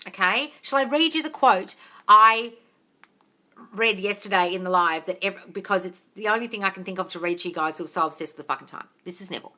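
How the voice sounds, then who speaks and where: Woman, livestream coach, bright and forward voice, blunt and sweary, calls everyone darling, phone mic. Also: medium pitch, brisk, long pauses. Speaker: manifesting coach answering viewer questions.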